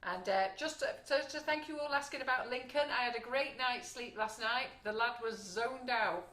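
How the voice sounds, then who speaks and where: A woman hosting a live baking stream from her shop kitchen, loud and chatty, reading out viewer comments. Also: on the high side, normal speed, roomy sound. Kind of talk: casual live-stream chat.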